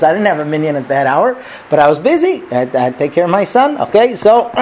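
A man's voice: high voice, a little mellow, a little hiss or hum. A man, a rabbi, teaching a conversational lesson who keeps checking in with his listeners and acts out his stories. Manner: chatty, checks in with listeners by asking 'okay?' and 'right?'; tells stories and acts out the characters.

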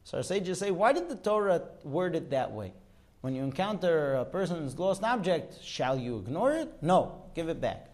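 A man's voice: a little high, very animated, moderate pace. A man teaching a Talmud class, explaining texts and asking rhetorical questions. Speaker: religious teacher.

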